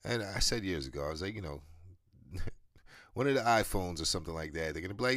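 A man's voice: low voice, brisk, a bit bright, no echo, clean studio sound. A man hosting a podcast in a loose, profane, rambling monologue, chuckling between phrases. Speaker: podcast host.

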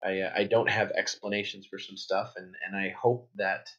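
Low-voiced man telling a story, dull audio. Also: normal speed. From New Hampshire, United States. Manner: relaxed, rambling, many fillers and restarts. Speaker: guest author. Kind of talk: conversational interview storytelling.

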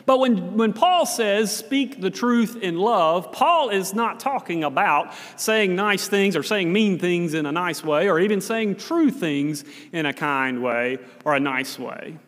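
A man's voice: sits high, lively intonation, a little slow, hardly any pauses, fairly bright tone. A male pastor, preaching a sermon in a folksy, conversational storytelling way. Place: church sanctuary. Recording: long reverb of a church hall.

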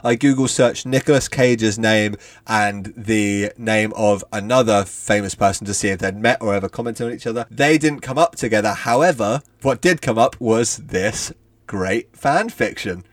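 A man's voice: fairly low pitch, moderate pace, no echo. Wry male podcast co-host. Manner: wry, playful, mock-dramatic. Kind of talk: casual chat and reading aloud.

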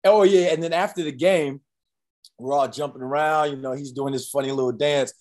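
A man's voice: fairly high pitch, fairly quick. A man in his thirties, a former college football player, telling stories in a casual interview, acting out quotes with lots of fillers. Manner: animated storyteller, acts out quotes, many fillers.

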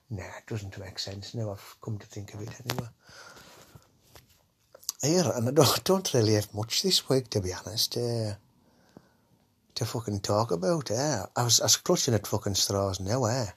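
A man's voice: lowish voice, lively intonation, normal speed, slight background noise. A man hosting a podcast in a rambling, crude monologue, swearing constantly and tagging his lines with "eh?". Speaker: podcast host. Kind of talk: casual comedy podcast monologue.

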